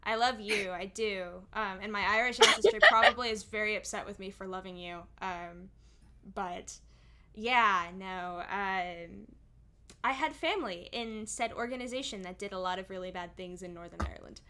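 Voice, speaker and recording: A woman's voice: mid-range voice, normal speed, sharp tone. A young woman, a singer and streamer, chatting casually on stream and explaining at length with many asides.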